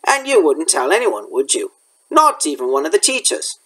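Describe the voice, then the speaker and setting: A man's voice: on the high side, huge pitch swings, moderate pace, a bit bright, slightly rough, heavily acted. A man reading aloud as an earnest young schoolboy asking anxious questions. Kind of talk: reading a chapter book aloud.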